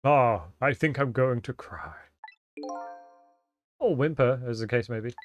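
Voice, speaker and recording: A man's voice: medium pitch, animated, unhurried. Guy chatting over a game stream, self-mocking, bit of music underneath. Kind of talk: casual game commentary.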